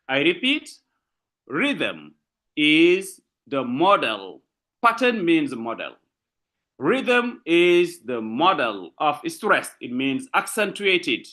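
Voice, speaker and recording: In a university literature lecture, a man teaches at a slow pace, repeating himself and frequently asking "okay?" to check understanding. His voice has a lively pitch.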